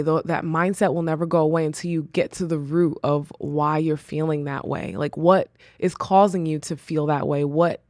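A woman's voice: on the low side, no echo, clean studio sound. A woman hosting her own podcast, giving an earnest, personal, faith-based encouragement talk drawn from her own experience. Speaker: podcast host.

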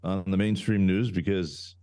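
Blunt, wisecracking male co-host, mellow tone, dry sound. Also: low-pitched, steady tone, moderate pace, no echo. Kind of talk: casual political talk show banter.

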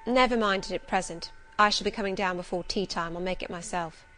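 Cool composed servant woman, read by a woman, prim, steady, insinuating, storybook reading. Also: medium pitch, brisk, close to an everyday voice. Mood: curt.

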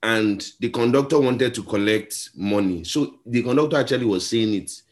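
Man, Nigerian accent, pastor, preaching, storytelling, switches between quiet and loud, middle pitch. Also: normal speed. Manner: storytelling, acts out voices in a story, shifts between soft and loud. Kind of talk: sermon.

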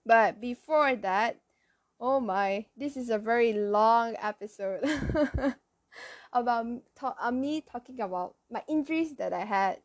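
A teenage girl from Malaysia with a Malaysian Chinese accent, hosting a casual solo podcast, halting and searching for words, often giggling. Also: a little high, no room sound. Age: teens. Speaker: podcast host.

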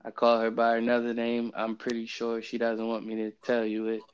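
A man's voice: medium pitch, brisk, clear, resonant tone. Man rambling on a lo-fi phone podcast. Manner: relaxed, rambling with many fillers and laughs. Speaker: podcast host. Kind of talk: casual Bible study podcast. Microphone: phone app, remote recording. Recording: dull lo-fi phone recording.

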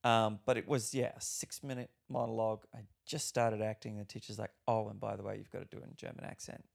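A man's voice: on the low side, level tone, fast talker, vocal fry. A young man hosting a podcast, chatting casually and animatedly, swearing and laughing often. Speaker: podcast host. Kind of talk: casual chat.

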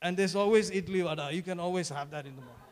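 A high-pitched male pastor delivers a sermon. He is in his fifties and talks in repeated phrases, pausing for the listeners to answer amen. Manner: preacherly, repeats phrases, calls for amens.

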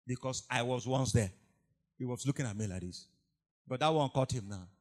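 A man preaching a sermon, telling stories and acting out the voices of the people in them, moving from hushed asides to loud cries. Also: medium pitch, brisk. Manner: animated storytelling, acts out quoted voices, swings from hushed to shouted. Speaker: pastor.

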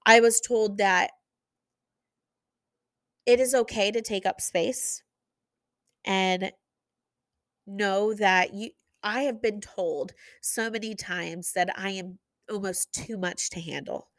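An energetic woman hosts her podcast in a motivational monologue, pressing every point with passion and emphasis. Her voice sits at a middling pitch. The sound is dry and close, with little room around it. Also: slow pace, long pauses, no echo. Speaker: podcast host.

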